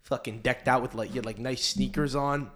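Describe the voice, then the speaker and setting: A man's voice: mid-range voice, steady tone, fairly quick, a bit bright. Rambling, swearing young man hosting a podcast. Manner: rambling storyteller, swears often. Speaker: podcast host. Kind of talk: casual chat.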